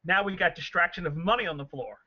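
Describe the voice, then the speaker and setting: A man playing a tabletop game, excitable and laughing at his own bad luck. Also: high-pitched, quick pace, highs cut off. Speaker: player.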